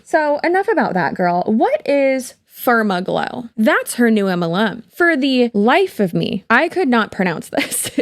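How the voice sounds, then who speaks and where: A young woman talks through a casual commentary vlog while doing her makeup at home. She is sassy and sarcastic and rambles with plenty of fillers. Her voice sits at an ordinary middle pitch and sounds dry and close to the mic. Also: no echo. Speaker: YouTube commentary host.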